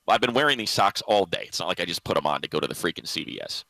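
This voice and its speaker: A man's voice: sits low, lively intonation, fast talker, creaky, few pauses, bright, forceful tone, dry recording, low-quality recording. A man hosting a sports radio show, telling a story in casual chat and laughing often. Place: radio studio.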